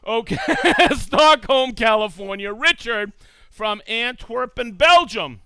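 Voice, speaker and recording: Upbeat high-pitched male livestream host. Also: expressive, slow, pushed and bright, clear, resonant tone, dry recording. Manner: upbeat, enthusiastic, laughs often. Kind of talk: live stream shout-outs to viewers.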